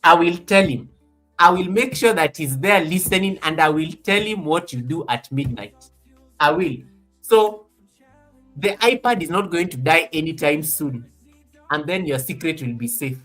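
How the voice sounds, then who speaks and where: A man's voice: fairly high pitch, lively intonation, normal speed, a bit bright, soft background music. A man hosting a live stream in casual chat from an office, teasing and laughing often and making mock threats.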